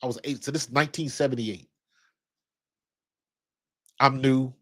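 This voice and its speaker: A man's voice: mid-range voice, steady tone, normal speed, a bit bright. A man in his fifties, raised in Ohio, giving casual basketball commentary in a blunt, slangy, rambling way with some profanity. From Ohio, USA. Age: 50s. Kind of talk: casual commentary with personal storytelling.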